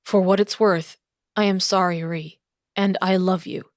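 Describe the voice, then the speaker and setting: A woman's voice: lowish voice, steady tone, unhurried, no echo, clean studio sound, lightly acted. A woman voicing a remorseful young pirate who pleads earnestly with his estranged sister. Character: penitent young man, estranged pirate brother.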